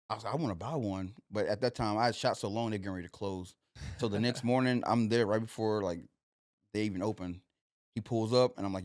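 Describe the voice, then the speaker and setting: A man's voice: fairly low pitch, darkish tone, clear, resonant tone, no echo, studio quality. A young man, a podcast guest telling his story loosely, with lots of "like" and "you know". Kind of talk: casual storytelling.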